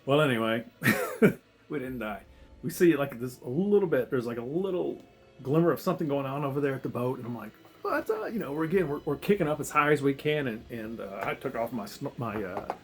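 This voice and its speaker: Man, vlogger, rapid casual storytelling, rambling and restarting, swears and chuckles, mid-pitched voice. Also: lively intonation. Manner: rambling, self-interrupting, swears and laughs often. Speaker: vlogger telling a diving story.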